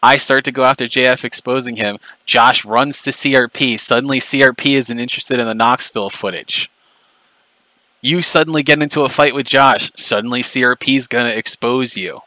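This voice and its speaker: Forceful, profane man ranting on stream. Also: medium pitch, fairly quick, dry recording, rough recording. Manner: profane, mocking, confrontational. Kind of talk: angry livestream rant.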